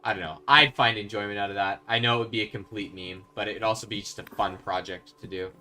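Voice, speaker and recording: A young man giving casual commentary while he plays a video game. He swings from quiet muttering to yelling when he is excited. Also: fairly low pitch, quick pace. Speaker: gaming video host. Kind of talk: casual let's-play commentary.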